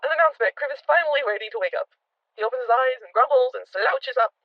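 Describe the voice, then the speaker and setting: A game master recapping a tabletop adventure, telling the story at a rapid clip. The voice sounds dry and close, with animated, lively narration. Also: high voice, dry recording, muffled recording.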